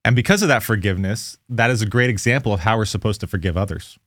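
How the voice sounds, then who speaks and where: Speaking at a quick pace, this Bible teacher walks through verses in a casual devotional lesson, often restarting and correcting himself mid-explanation. His voice is on the low side and a bit bright, and the recording is dry.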